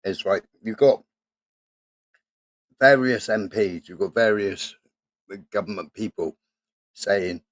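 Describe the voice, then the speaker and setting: A man's voice: lowish voice, unhurried, pauses often, dry recording. A man hosting a casual live-stream debate, repeating himself and tagging lines with "right" and "yeah". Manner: repetitive, keeps adding "right" and "yeah". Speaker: stream host.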